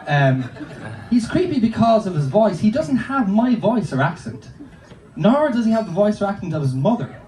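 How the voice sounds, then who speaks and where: A man with a fairly high, very animated voice works through a stand-up set, telling loose, rambling stories with plenty of swearing. He sounds distant from the mic in a roomy space, with clear noise underneath. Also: normal speed. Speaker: stand-up comedian. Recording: roomy, distant, noisy live recording.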